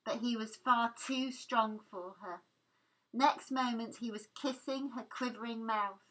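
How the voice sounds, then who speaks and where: A woman reading extracts of a novel aloud in a measured, deliberate manner. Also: on the high side, fairly bright tone, rough recording. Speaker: reader.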